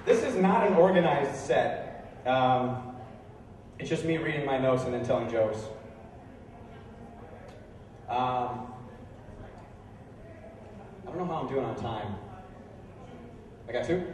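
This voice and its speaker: A young man performing stand-up comedy, telling stories in a deadpan way that jumps into incredulous high outbursts. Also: measured pace, pauses often, noisy background. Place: bar venue with a live audience. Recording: echoey room recorded from far off.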